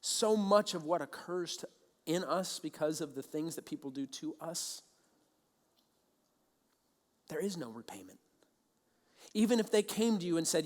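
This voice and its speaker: A man preaching a sermon as a pastor, telling stories in an animated way and acting out both sides of conversations. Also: high-pitched, normal speed, pauses often, long reverb tail. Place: large church auditorium.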